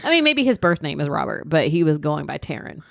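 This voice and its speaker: A woman co-hosting a podcast in casual chat, quick to agree and add details. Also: deep voice, very animated, gravelly, fairly bright tone, no room sound, clean studio sound. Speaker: podcast co-host.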